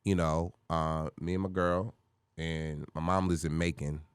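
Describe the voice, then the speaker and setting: Middle-aged male comic, low-pitched, recorded close and dry, casual animated storyteller who swears. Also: unhurried, smooth, no echo. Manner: animated, acts out voices in his stories, curses freely. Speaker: comedian guest.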